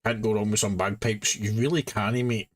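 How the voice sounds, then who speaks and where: A man's voice: on the low side, steady tone, moderate pace, breathy edge, low-quality recording. A Scottish man chatting casually on a live stream, muttering to himself as he works.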